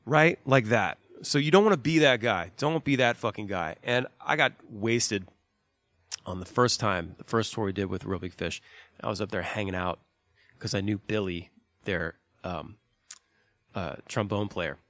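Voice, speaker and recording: A laid-back man in his thirties rambles through road advice with plenty of swearing. His voice sits on the low side. The sound is dry and close. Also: normal speed, fairly bright tone, no room sound. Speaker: touring band musician. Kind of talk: casual advice talk.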